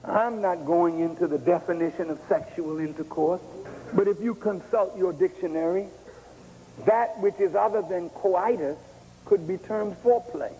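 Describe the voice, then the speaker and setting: A man's voice: high-pitched, normal speed, mellow, a little hiss or hum, poor audio. A man giving an emphatic lecture, firing rhetorical questions at the audience. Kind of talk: lecturing speech.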